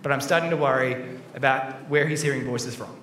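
Nervous servant, hushed and low, put on by a man; roomy hall. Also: fairly quick, natural voice. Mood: worried. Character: frightened male servant, nervous and doubting. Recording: roomy hall with faint background noise.

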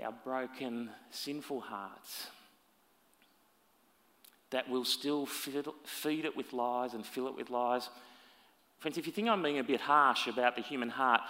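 Preacher with a bright, ringing voice. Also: male voice, medium pitch. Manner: dramatic, swinging between loud emphasis and hushed asides. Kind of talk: sermon. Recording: long reverb of a large hall.

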